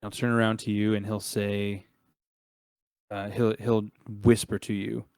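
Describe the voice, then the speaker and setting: A young adult man narrating as game master of a tabletop game, relaxed and chuckling, with frequent filler words. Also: lowish voice, measured pace, clean tone, no echo.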